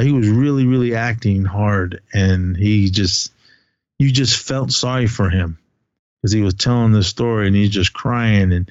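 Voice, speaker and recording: A man's voice: on the low side, a little mellow, no echo. A man hosting a casual movie chat, retelling scenes in a rambling way with many restarts. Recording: dull lo-fi dry recording.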